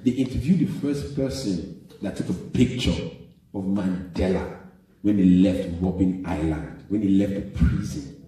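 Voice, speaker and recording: A Nigerian man with a Nigerian accent performing animated live stand-up comedy. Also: on the low side. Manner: animated, storytelling. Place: live venue hall. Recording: echoey live hall, distant mic.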